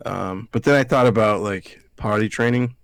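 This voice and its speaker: A man's voice: on the low side, normal speed, no echo. A man from Alabama co-hosting a podcast, telling rambling, profane stories in casual chat and acting out other people's lines. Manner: profane, rambling storyteller who acts out quotes. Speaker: podcast co-host.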